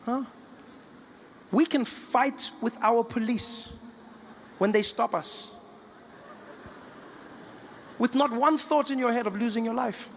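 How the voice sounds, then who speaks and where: A male comedian tells stage stories in a high, lively voice. He stammers for effect as he acts out his own reactions. Faint noise sits behind him. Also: slow, gravelly, long pauses, big-room sound. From South Africa. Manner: animated, stammering retellings. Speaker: stand-up comedian. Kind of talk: stand-up storytelling.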